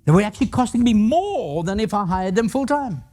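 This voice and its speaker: Older guy giving a leadership talk, really animated voice, a bit high, funny stories, asks the crowd stuff. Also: fairly quick. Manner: animated, humorous, asks the audience questions. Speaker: guest speaker.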